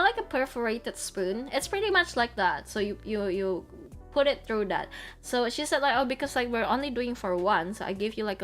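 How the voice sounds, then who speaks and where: A woman streamer chatting casually over trip photos, giggly and full of fillers. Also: mid-range voice. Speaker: vtuber streamer.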